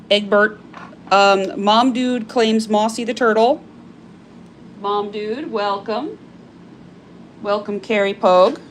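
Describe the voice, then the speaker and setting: A chatty woman hosts a casual live-stream sale, gushing and animated as she talks through each piece with plenty of fillers. Her voice sits at an ordinary middle pitch. A faint hum of room noise runs underneath. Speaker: live-stream seller of crystal carvings.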